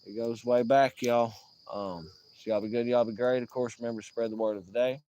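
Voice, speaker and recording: A man's voice: mid-range voice, steady tone, a little fast, dark tone, a little hiss or hum. A man hosting a casual livestream, talking in a profane, rambling, joking way. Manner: drawling, profane, rambling, jokey sign-off. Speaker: livestream host. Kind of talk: casual outdoor livestream chat.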